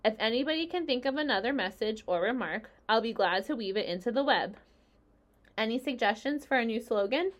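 A woman voicing a calm, clever female spider who leads a meeting, speaking in a crisp, dry and slightly stern way. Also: on the high side, fairly quick, lightly acted. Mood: brisk.

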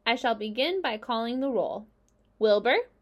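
A clever spider, crisp, dry and a bit stern, as a woman reader puts her on. She runs a farmyard meeting in a storybook reading, with a high voice that rises and falls a lot. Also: lively intonation, normal speed, muffled recording. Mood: brisk. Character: calm, clever female spider leading a meeting.

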